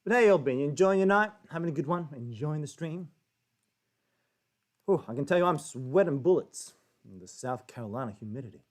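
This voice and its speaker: Australian guy, young, swears freely, chatty guest storyteller, voice sits a little high. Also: animated, brisk. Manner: chatty, profane, jokey storytelling. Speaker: livestream guest. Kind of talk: casual chat and storytelling.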